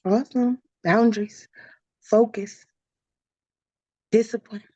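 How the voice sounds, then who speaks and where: A woman chats easily as a guest, her speech full of casual fillers. Her voice sits fairly high. The recording is dry and a little dull. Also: steady tone, slow, mellow, no room sound. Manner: chatty, full of "like" and "you know". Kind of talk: casual conversation.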